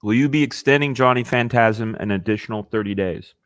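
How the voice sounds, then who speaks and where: A man hosting a casual livestream, talking with eager enthusiasm and halting restarts, sometimes with his mouth full. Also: mid-range voice, fairly bright tone, no room sound. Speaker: livestream host.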